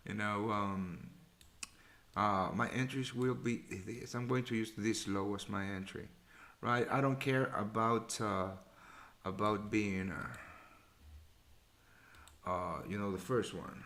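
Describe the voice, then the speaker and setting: A man's voice: on the low side, steady tone, slow pace, long pauses, fairly bright tone. A man hosting a live trading show, chatting casually, thinking aloud, muttering figures and swearing now and then. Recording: echoey room.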